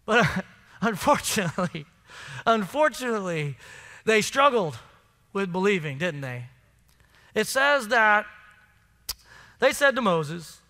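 A pastor preaches a sermon to his congregation in a church sanctuary, emphatic yet conversational, posing questions to the room. He is an adult with children, and his high, pushed, bright voice trails off into a long reverb tail.

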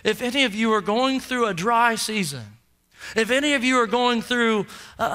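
A male pastor delivers an impassioned sermon in a high, very bright voice. He pushes forward with urgency, then sinks into hushed, intimate tones when he tells a story.

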